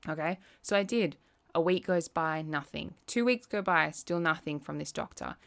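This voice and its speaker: A young woman vlogger talking casually to the camera, chatty and quick to act out little quoted asides. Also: deep voice, creaky, fairly bright tone. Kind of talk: casual chat.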